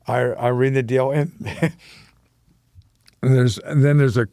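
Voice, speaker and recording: A man's voice: mid-range voice, fairly even intonation, takes it slowly, dark tone, no echo, studio quality. An older man, a musician guest on a community radio show, telling rambling stories and giggling often. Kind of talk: casual radio conversation.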